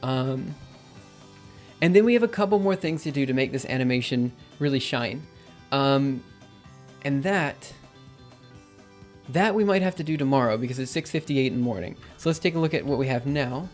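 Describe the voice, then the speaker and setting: A man's voice: medium pitch, expressive, moderate pace, faint music behind. A young man streaming his programming session, thinking aloud with lots of fillers and self-corrections, his voice a bit worn. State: losing his voice. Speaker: livestreaming programmer. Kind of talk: casual live coding commentary.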